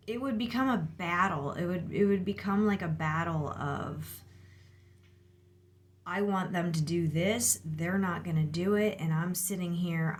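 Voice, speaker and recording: A woman in her thirties venting in a rambling, casual monologue about her kids, exasperated and filler-heavy. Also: medium pitch. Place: outdoors near a lawnmower.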